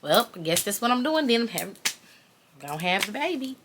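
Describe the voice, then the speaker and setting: Young woman vlogger, chatty storyteller, bright and sharp voice. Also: mid-range voice, very animated, brisk, a little hiss or hum. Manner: chatty, talks straight to viewers as "y'all". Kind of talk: casual storytime.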